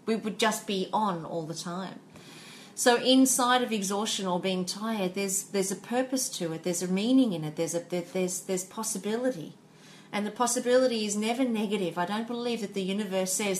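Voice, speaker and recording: A woman's voice: mid-range voice, normal speed, slight background noise. A woman co-hosting a podcast, speaking earnestly and searching for words as she reflects. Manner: earnest, searching, repeats phrases. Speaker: podcast co-host. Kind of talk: casual reflective chat.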